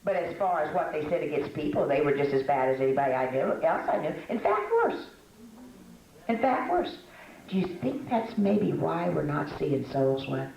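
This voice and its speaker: An older woman gives a folksy, self-mocking talk to a women's meeting, laughing often and using lots of fillers. Her low, dark, creaky voice runs a little fast with few pauses, in an echoey room with slight background noise.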